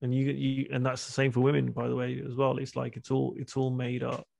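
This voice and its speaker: A man's voice: medium pitch, completely flat delivery, quick pace, vocal fry, darkish tone. A man in his thirties talking candidly as a guest on a video call, often restarting his words. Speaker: guest speaker and men's retreat coach. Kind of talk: casual conversation on a video call.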